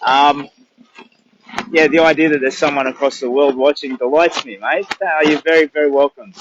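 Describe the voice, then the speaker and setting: A man's voice: fairly high pitch, steady tone, normal speed, highs cut off, slight background noise. Rambling older Australian man livestreaming. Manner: rambling, chatty, thinks aloud. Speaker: charity walker livestreaming. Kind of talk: casual livestream chat.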